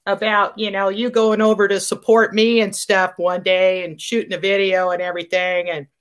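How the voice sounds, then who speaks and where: A woman co-hosting a veterans show, telling stories in an animated, enthusiastic casual way. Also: mid-range voice, moderate pace. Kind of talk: casual chat, storytelling.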